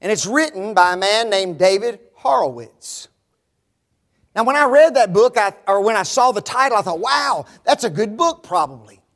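A man's voice: high-pitched, sing-song, moderate pace, fairly bright tone. A man preaching a sermon, emphatic and sarcastic, putting rhetorical questions to his listeners. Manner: emphatic, rhetorical questions to the audience, mocking quoted phrases.

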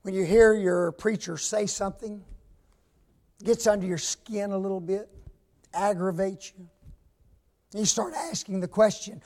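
A man preaching a sermon in a high voice, taking his time over every phrase. He punches key words, then falls to a hush and asks his listeners questions. The delivery is emphatic and pulpit-style. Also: unhurried, long pauses. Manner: emphatic, swings from loud stress to hushed asides; asks the congregation rhetorical questions.

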